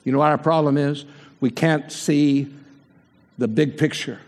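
A man's voice: a little high, steady tone, measured pace, a little mellow. An older man preaching a sermon and putting rhetorical questions to the congregation. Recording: long hall reverb.

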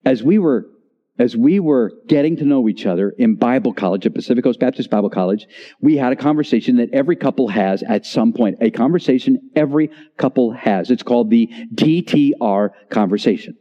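A man in his sixties preaching a sermon in a church, with dramatic pauses and voice dropping low on key words. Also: animated. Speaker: pastor. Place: church sanctuary. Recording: reverberant church hall, slightly dull.

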